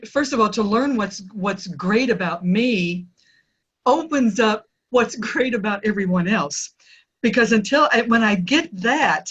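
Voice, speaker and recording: A woman's voice: mid-range voice, fairly bright tone, muffled recording. A woman guest in a casual interview, answering reflectively and thinking aloud.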